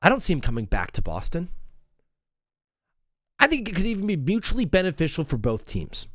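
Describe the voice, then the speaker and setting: Man, live-stream sports host, high voice, lively swings, dry close sound, jokey rambling banter. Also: fairly quick, no room sound. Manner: energetic, joking, rambling riffs.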